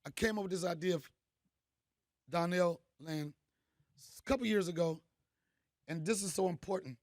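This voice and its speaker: A man's voice: high voice, normal speed, darkish tone, no room sound, studio quality. A middle-aged man hosting a crowd, telling loose, slangy, joking stories. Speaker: comedian host speaking to an event crowd. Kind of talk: storytelling speech to a live crowd.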